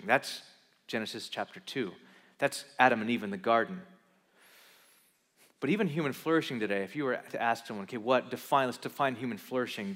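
A man's voice: on the high side, fairly bright tone, big-room sound. A man preaching a sermon in a church, conversational and emphatic, often restarting and repeating words. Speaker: pastor. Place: church in Los Angeles.

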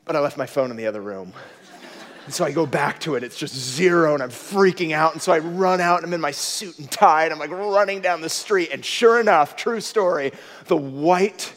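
A man preaching a sermon, telling stories with lively acted outbursts, then turning quiet and earnest. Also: on the high side, fairly quick. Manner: animated storytelling, bursts into loud acted exclamations, drops to a quiet earnest tone. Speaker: pastor. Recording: long hall reverb.

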